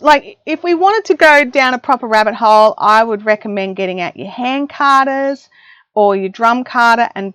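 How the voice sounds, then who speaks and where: A fairly high, somewhat bright voice with no room sound belongs to a middle-aged Australian woman chatting with viewers on her casual craft livestream. Broadcasting from her home craft room, she's self-mocking throughout, speaking into a desk mic and listening on headphones, with dry, dull, lo-fi audio.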